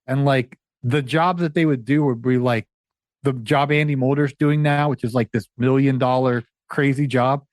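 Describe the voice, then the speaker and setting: A man guesting on a podcast, chatting casually, animated and quick to laugh, with stammering restarts. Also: medium pitch, dry recording, clean studio sound. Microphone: studio microphone.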